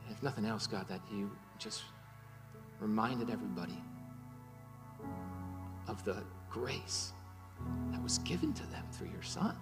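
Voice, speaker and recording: A man's voice: lowish voice, very animated, unhurried, pauses often, in a large hall, over loud music. A man preaching a sermon and leading a closing prayer, impassioned, with rising and falling emphasis and repeated words. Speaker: pastor.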